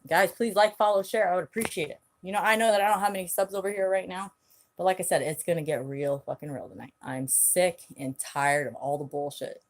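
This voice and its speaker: A woman's voice: on the low side, fairly even intonation, brisk. A woman hosting her own channel, ranting bluntly on a live stream, angry and swearing heavily. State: angry, agitated. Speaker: channel host.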